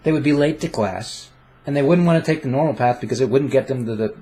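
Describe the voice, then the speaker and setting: A man's voice: medium pitch, fast, mellow. A young man vlogging casually into a desk condenser microphone in front of his webcam, playful and self-mocking, rambling with restarts. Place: home room with webcam. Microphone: desk condenser mic.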